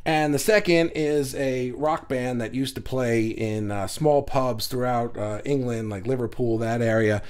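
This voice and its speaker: A man's voice: mid-range voice, measured pace, few pauses, a little mellow, clean tone. A man giving a casual motivational talk, joking and sarcastic, with many fillers and restarts. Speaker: motivational speaker.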